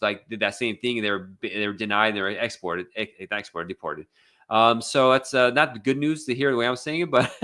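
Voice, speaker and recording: An American immigration attorney hosts a live legal Q&A, reading out viewer questions in a casual way, full of fillers and restarts. His voice sits in the mid range and has a sharp tone.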